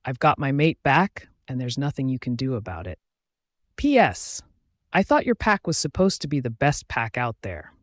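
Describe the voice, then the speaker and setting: A man's voice: medium pitch, dry recording, studio quality, lightly acted. A man voicing an arrogant young male werewolf alpha who mocks and taunts his rivals. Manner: mocking, taunting.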